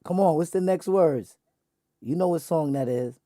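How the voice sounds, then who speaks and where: A man's voice: fairly high pitch, moderate pace, warm tone, no room sound, studio quality. A man hosting his show, teasing an AI in a casual, slangy back-and-forth. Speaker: show host. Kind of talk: casual chat with an AI.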